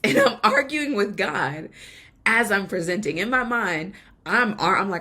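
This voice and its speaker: A woman's voice: on the low side, lively intonation, measured pace, pushed and bright. A woman podcast host giving an earnest, emotional personal faith testimony, laughing now and then between lines.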